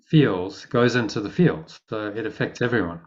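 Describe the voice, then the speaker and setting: A man leading a spiritual discussion, explaining ideas in a calm, measured way. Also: lowish voice. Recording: muffled lo-fi audio.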